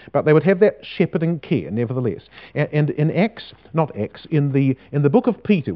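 Lively lo-fi preacher man. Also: medium pitch. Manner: animated preaching, reads scripture slowly with emphasis, rhetorical questions. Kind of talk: sermon. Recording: dull lo-fi recording.

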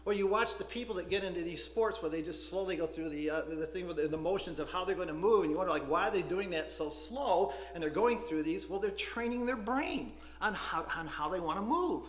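Animated man preaching in an echoey room. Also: high voice. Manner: animated, conversational preaching with restarts. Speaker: Bible school teacher. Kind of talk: Bible class sermon.

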